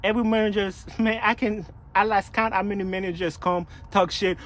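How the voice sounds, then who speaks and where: A man venting to his camera about his job, swearing freely and circling back over the same points. His voice sits a little high for a man. Faint traffic hums in the background. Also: fairly quick, hardly any pauses, low-quality recording. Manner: profane, repetitive, animated storytelling. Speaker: vlogger, package handler. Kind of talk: casual venting monologue.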